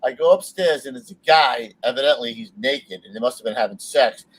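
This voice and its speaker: Brief: New firefighter podcast co-host, man, lively war-story teller. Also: medium pitch, brisk, breathy edge, low-quality recording. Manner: animated, swears freely, laughs while telling stories. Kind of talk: casual chat, storytelling.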